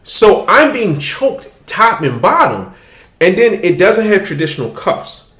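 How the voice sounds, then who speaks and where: Guy on a podcast telling a story, a bit high, voice jumps all over, roomy echo. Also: unhurried. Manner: animated, profane, laughing storyteller. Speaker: podcast host. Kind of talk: casual chat, storytelling.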